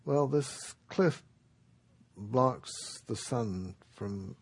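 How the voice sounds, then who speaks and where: A man voicing a stubborn, earnest laborer who plainly explains an impossible task, with a gravelly, husky voice. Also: medium pitch, drawn-out words, no room sound, exaggerated voice. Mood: matter-of-fact. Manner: matter-of-fact explaining.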